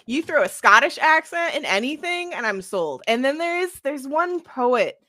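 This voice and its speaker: Young woman gm rambling on a podcast, super lively, lots of laughing. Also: high voice, normal speed. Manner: animated, laughs often. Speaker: game master and podcast co-host. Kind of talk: casual chat.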